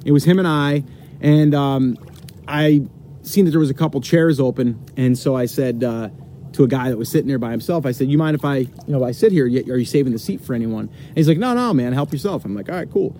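A man's voice: mid-range voice, quick pace, mellow, slight background noise. A man telling a long story to the camera, rambling with many fillers and restarts. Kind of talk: casual storytelling.

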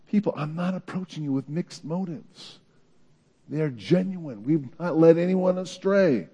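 A man's voice: fairly high pitch, measured pace, mellow, breathy edge, dull audio. A man preaching a sermon in an earnest way, his voice climbing into pleading questions. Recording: long reverb of a large hall.

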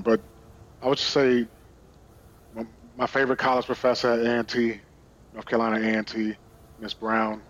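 A man's voice: on the low side, muffled recording. A man from Brooklyn, a podcast guest telling stories in a candid, casual way and swearing freely. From Brooklyn, New York. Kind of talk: casual storytelling.

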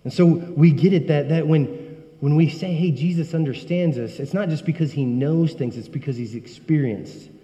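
Man preaching, earnest, emphatic, mellow tone, long hall reverb. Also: a little high, normal speed, dull audio. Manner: earnest, emphatic, rising when he voices prayers. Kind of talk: sermon.

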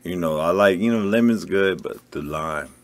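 A man in casual chat, telling a rambling anecdote with plenty of pauses and fillers. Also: deep voice. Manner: laid-back, rambling, with fillers.

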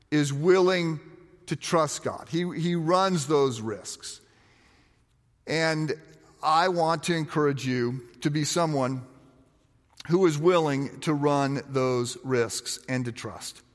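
A man preaching a sermon, telling stories with lively quoted voices and frequent word repeats. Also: a little high. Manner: storytelling, animated, repeats words when quoting others. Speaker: pastor. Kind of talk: sermon with told anecdotes. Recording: long reverb of a large hall.

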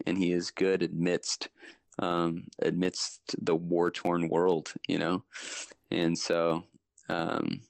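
A young man, a guest on a chat show, telling stories from his emergency-room work in an animated way, his voice climbing high when he acts out what people said. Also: gravelly, no echo. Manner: animated, jumps high when retelling dialogue. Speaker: podcast guest, ER worker. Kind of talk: casual storytelling chat.

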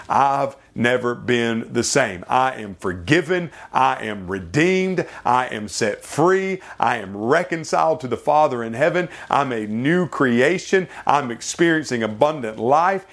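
A man delivers a radio sermon in a mid-range voice. He repeats his phrases for effect and climbs into fervent, rising emphasis as his points land. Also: medium pitch. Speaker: radio preacher.

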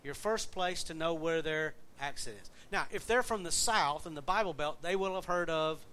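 A man's voice: a little high, moderate pace, sharp tone, smooth. Conversational man preaching a sermon. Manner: conversational, asks the congregation questions. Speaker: pastor.

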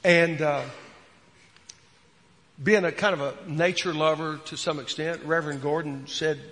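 Earnest pastor preaching in a reverberant church. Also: male voice, on the high side, steady tone, unhurried, pauses often. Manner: earnest, repeats words, swings from loud to hushed. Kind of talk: sermon.

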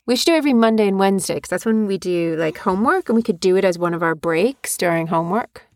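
Mum co-hosting a home podcast, chatty and teasing, dry close mic. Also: female voice, medium pitch, lively intonation, fast, a little mellow, dry recording. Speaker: podcast co-host, mother. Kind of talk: casual family podcast chat.

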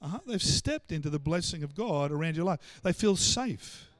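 A man with an Australian accent preaching a sermon, animated and full of stammered restarts as he acts out the voices of the people he quotes. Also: a little high, moderate pace, no echo. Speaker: pastor.

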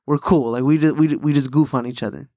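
A man's voice: medium pitch, steady tone, quick pace, warm tone, dry recording, lo-fi sound. A man, hosting a podcast in casual chat and telling rambling, profane stories with a laugh. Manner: profane, rambling bro-style storytelling with frequent laughs. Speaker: podcast host.

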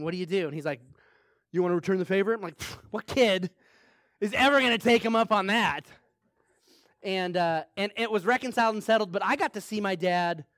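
A man's voice: a little high, no echo, studio quality. A man preaching a sermon in a conversational way, telling a personal story, repeating phrases for emphasis and laughing often. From small town. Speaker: pastor.

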